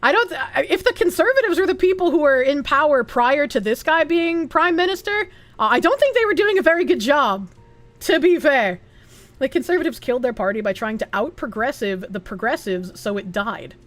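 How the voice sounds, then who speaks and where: A woman's voice: high voice, animated, fairly quick, a bit bright, no echo. A young woman with a Boston accent, chatting bluntly and with plenty of profanity as she reads out her stream chat. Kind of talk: casual livestream chat.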